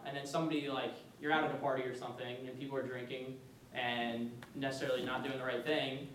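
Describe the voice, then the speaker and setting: A man's voice: little pitch movement, quick pace, a bit bright. A young man giving a casual faith talk as a student retreat speaker, chatty, laughing often and using many fillers. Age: young adult. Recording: echoey room from far off, faint rumble.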